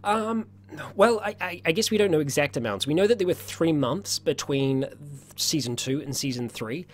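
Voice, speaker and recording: A man hosts a casual livestream Q&A, his slightly high voice expressive and moderately paced. Chatty and upbeat, he often laughs and restarts his sentences as his voice grows worn.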